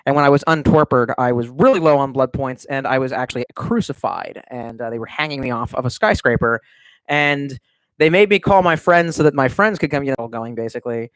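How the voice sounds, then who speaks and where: A man's voice: mid-range voice, fairly quick, fairly bright tone, dry recording. A man casually chatting on a home livestream, rambling and swearing, with many restarts. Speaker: streamer.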